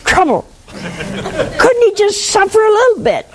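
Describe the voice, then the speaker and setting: A woman voicing an indignant, resentful widow who complains in a high, exasperated way. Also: wildly swooping pitch, a little slow, a crowd in the background, exaggerated voice.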